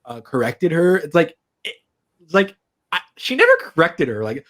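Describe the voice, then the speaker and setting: A man's voice: a little high, sing-song, moderate pace, fairly bright tone. A man co-hosting a podcast, chatting enthusiastically and giving strong opinions on reality TV. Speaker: podcast co-host. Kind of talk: casual chat.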